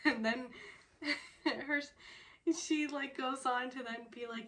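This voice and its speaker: A woman's voice: high-pitched, fairly even intonation, takes it slowly, pauses often, pushed and bright, slight background noise. A woman vlogger giving a casual, chatty recap of a drama episode, laughing often and rambling with lots of fillers. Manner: giggly, laughs often while retelling.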